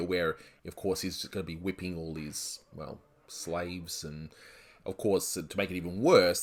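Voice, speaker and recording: A man with a low voice walks through his review of a vintage cartoon. He talks casually, pausing for asides and small hedges as he thinks aloud. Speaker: animation reviewer. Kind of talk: video review commentary.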